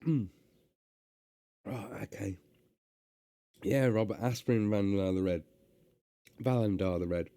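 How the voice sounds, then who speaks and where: A man reading a story aloud and chatting on a live stream, relaxed with many hesitations. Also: on the low side, measured pace, long pauses, no echo.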